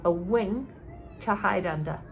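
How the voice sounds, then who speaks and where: A woman reading a novel aloud in a lively way, stopping now and then to comment. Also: mid-range voice, unhurried, creaky, a little hiss or hum. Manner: reads in a lively way, stops to comment. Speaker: reader.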